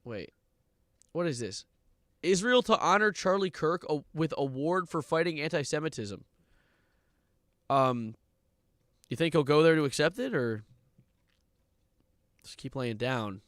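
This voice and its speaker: A young man streaming live and reacting to online content, ranting sarcastically, swearing and breaking into loud outbursts. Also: a little high, lively intonation, unhurried, pauses often, no room sound, clean studio sound. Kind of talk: livestream reaction commentary.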